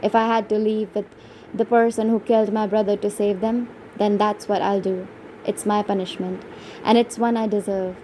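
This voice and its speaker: A woman narrating an audiobook in a measured, somber first-person reading. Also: mid-range voice, warm tone, a little hiss or hum, poor audio.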